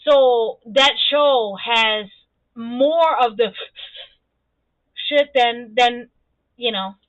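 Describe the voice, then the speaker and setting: A woman streamer talking bluntly and profanely in a casual, animated monologue. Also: a little high, drawn-out words, no echo. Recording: tinny phone-like audio.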